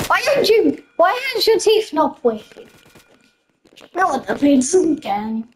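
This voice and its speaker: A young woman playing a video game with excitable live commentary, giggling and shouting out reactions. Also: sits high, measured pace. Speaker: gamer. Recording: noisy game sounds with gunfire behind.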